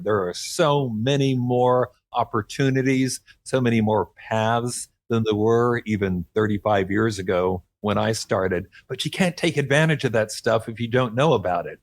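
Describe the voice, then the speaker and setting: A man's voice: mid-range voice, creaky, no echo. Earnest encouraging man, very dry sound. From Oklahoma, USA. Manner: earnest, encouraging, laughs between thoughts. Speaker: author and guest. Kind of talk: radio interview conversation.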